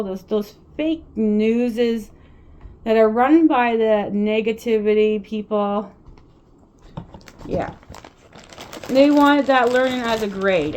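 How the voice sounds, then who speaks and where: Impassioned, rambling woman with a higher voice. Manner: rambling and impassioned, repeats words. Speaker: vlogger and mother. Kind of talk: casual vlog monologue.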